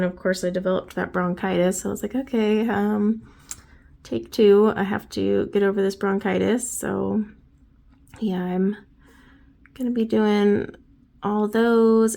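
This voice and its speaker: A woman's voice: medium pitch, gravelly, dark tone. A woman in her thirties, a craft YouTuber, chatting casually and rambling with many fillers while she paints, just over bronchitis. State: recovering from bronchitis.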